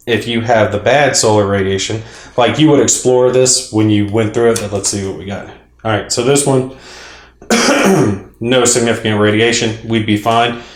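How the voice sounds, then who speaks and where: A man casually explaining his moves in a tabletop space game, rambling with fillers and clearing his throat now and then. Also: on the low side, reverberant. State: clearing throat, a little choked up. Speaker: board game player and channel host.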